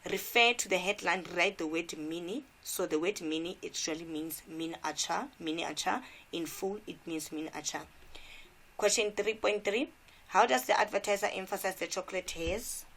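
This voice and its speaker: A woman's voice: lowish voice, normal speed, a bit bright. A South African woman teacher giving an exam revision lesson, repeating key points and asking rhetorical questions.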